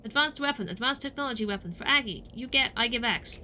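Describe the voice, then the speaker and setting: A woman's voice: a little high, expressive, fast, pushed and bright, a little hiss or hum. A woman voicing a sly male forest outcast who talks in broken grammar and calls himself by his name. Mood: scheming.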